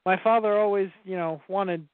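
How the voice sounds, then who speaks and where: Sarcastic man, slightly high, tinny audio. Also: fairly even intonation, normal speed, clear, resonant tone, dry recording. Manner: sarcastic, swears, acts out quotes. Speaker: podcast co-host. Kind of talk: casual review chat.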